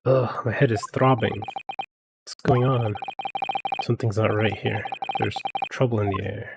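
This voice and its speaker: A man's voice: on the low side, fairly even intonation, a little slow, vocal fry, background noise. A man reading a flustered young hero. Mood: panicked. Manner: panicky, exclaiming. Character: flustered young male law student hero.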